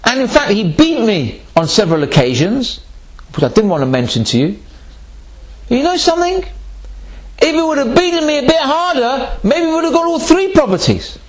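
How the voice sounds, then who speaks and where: A man's voice: very high voice, very animated, normal speed, pitched above the performer's own voice. A man voicing a poor tenant, plaintive and wry. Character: poor put-upon male tenant.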